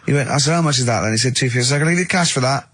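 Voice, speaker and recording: A man co-hosting a radio show, telling lively anecdotes in casual banter and mimicking the people he quotes. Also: medium pitch, racing, no room sound. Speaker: radio co-host. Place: radio studio.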